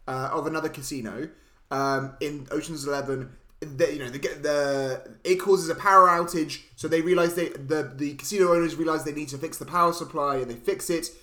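A man with a slightly high voice tells movie scenes with lively asides, often stopping to correct himself mid-sentence. His voice sounds roomy, with plenty of echo around it. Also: brisk. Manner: animated storytelling with asides and self-corrections. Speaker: podcast co-host. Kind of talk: casual film discussion. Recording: echoey room.

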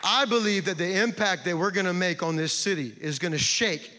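A man's voice: high-pitched, a little fast, crowd noise, noisy background. A man preaching a sermon as pastor, impassioned, with repeated refrains. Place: large church sanctuary. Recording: long church hall reverb.

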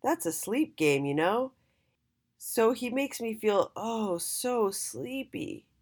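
A woman's voice: on the high side, big pitch swings, slow, a little mellow, pitched above the performer's own voice, heavily acted. A woman doing a drowsy male letter. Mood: sleepy.

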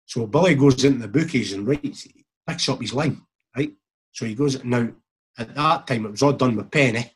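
A man's voice: mid-range voice, moderate pace, slightly rough. A middle-aged Scottish man, a former footballer, telling a rambling anecdote with chuckles, acting out what others said. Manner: rambling, chuckling, quotes others in reported speech. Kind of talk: casual anecdotal storytelling.

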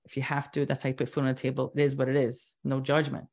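A woman in her fifties, a doctor speaking as a podcast guest, talking emphatically in animated bursts. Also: a bass voice, racing, creaky. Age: 50s. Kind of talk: casual interview talk.

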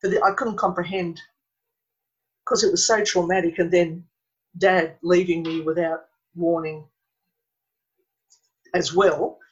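A middle-aged woman with an Australian accent, telling a painful personal story as an interview guest, earnest and halting, often restarting her sentences. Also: on the low side, steady tone. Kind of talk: emotional personal account. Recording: dull lo-fi recording.

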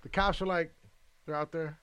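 A man in casual chat who keeps interrupting to take over the story, excitable and repeating himself. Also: on the high side, moderate pace, clear, resonant tone.

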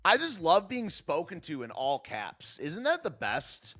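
A man's voice: fairly high pitch, wildly swooping pitch, measured pace, bright, forceful tone, soft background music. A man hosting a live stream, ranting casually in a sarcastic, wry way and talking to his chat. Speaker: livestream host.

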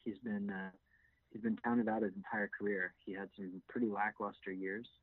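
A man's voice: on the low side, steady tone, moderate pace, slightly rough, no room sound. A man co-hosting a casual sports podcast, hesitant with many fillers and restarts. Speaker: podcast co-host. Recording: tinny phone-like sound.

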